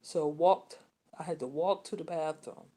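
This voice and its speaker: A woman, telling a personal story in a rambling, repetitive way with many restarts and pauses. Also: deep voice, dark tone, breathy edge. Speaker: vlogger.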